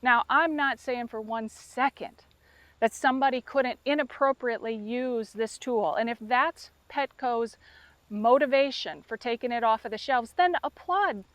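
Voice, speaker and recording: A woman's voice: on the high side, fairly even intonation, normal speed, a bit bright, no echo. A woman dog trainer making a direct, impassioned appeal to the camera, openly emotional as she speaks.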